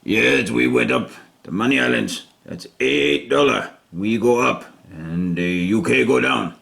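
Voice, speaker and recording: A man's voice: medium pitch, measured pace, vocal fry, a bit bright. A man voicing a cocky Japanese emperor with a put-on Japanese accent, formal and stilted. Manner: formal, stilted, pleased with himself.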